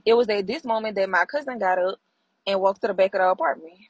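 A woman telling a family story in a lively, colloquial way, laughing at times. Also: mid-range voice, fast, no echo, dull audio. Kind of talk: storytelling in a stitched clip.

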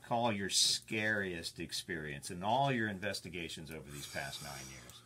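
A man hosting an interview, lively and joking, quick to react. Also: deep voice, a little hiss or hum. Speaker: radio show host. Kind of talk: casual interview talk.

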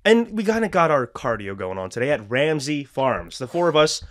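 A man's voice: medium pitch, very animated, normal speed, no echo, clean studio sound. A man in his twenties hosting a casual podcast chat, rambling and self-mocking, with lots of restarts. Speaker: podcast host. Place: indoor home studio.

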